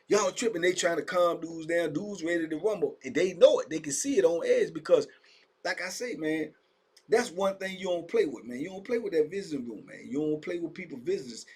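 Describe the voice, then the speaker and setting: A man with a Virginia accent, his voice a little high for a man and slightly husky, tells prison stories in a loose, casual monologue. He gets animated and acts out the shouting of inmates and guards. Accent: Southern US, Virginia. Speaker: storyteller recounting prison life.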